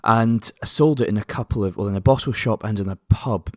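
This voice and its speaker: Wry, low-voiced man chatting on a podcast. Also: a little fast, no room sound, studio quality. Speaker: podcast co-host. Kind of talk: casual podcast chat.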